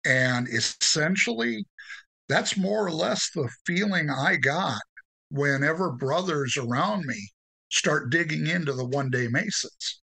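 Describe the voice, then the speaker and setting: An earnest man talking as a podcast guest, stopping and restarting as he thinks. His voice is bright and slightly husky. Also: on the high side, animated, a little slow, rough recording. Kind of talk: conversational interview storytelling.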